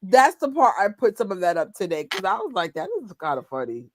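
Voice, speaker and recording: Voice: mid-range voice, big pitch swings, brisk, slight background noise. A co-host in casual chat, telling stories animatedly with laughter and quoted reactions.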